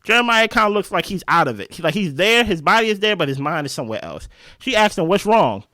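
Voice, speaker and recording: A man hosting a casual reality show recap, talking in an animated, slangy way. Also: high-pitched, fast, dry recording, studio quality. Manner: animated, slangy, jumps into quoted voices.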